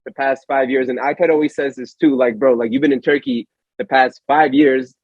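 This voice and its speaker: Slangy American podcast host, husky. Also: male voice, mid-range voice, a little fast, dry recording. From Allentown, Pennsylvania, USA. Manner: slangy, animated, says "bro" constantly. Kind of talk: casual podcast chat. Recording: slightly dull, dry lo-fi recording.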